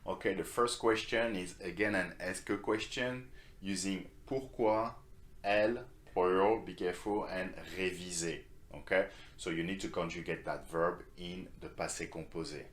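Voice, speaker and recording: A man with a low voice teaches a beginner language class. He speaks clearly and patiently, pausing to model phrases for his students to repeat. The room around him has a noticeable echo. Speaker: French teacher.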